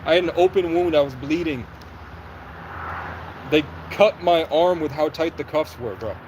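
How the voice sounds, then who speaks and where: A young man on a livestream, recounting events in an agitated, rapid way and acting out what people said. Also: a little high, background noise. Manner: agitated, rapid storytelling with reenacted quotes. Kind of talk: livestream monologue.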